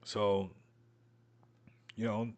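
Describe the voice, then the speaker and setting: A man's voice: on the low side, level tone, extremely slow, a little mellow. Hyped man hosting a crypto livestream. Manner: hyped, rambling, slangy. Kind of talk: casual livestream chat. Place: Las Vegas home.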